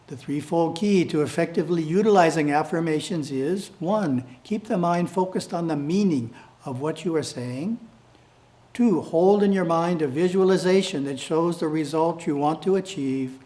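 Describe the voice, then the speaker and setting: A man reading his editorial aloud as calm, measured spiritual instruction. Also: a little high.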